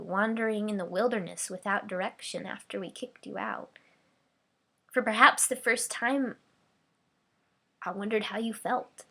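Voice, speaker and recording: A woman preacher with a mid-range voice delivers a dramatic first-person monologue as a grieving, remorseful ancient mother. Her delivery swings between hushed whispers and cries.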